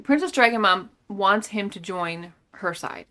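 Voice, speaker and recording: A woman's voice: medium pitch, expressive, unhurried, bright, forceful tone. Sarcastic woman co-hosting a movie podcast. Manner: sarcastic, exasperated, swears. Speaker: podcast co-host. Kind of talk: casual movie recap chat.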